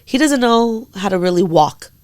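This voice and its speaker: A young woman co-hosting a podcast, telling a long story in a casual, animated way, swearing freely and acting out what other people said. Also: mid-range voice, moderate pace, no echo. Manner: animated, swears freely, acts out quoted voices. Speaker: podcast co-host.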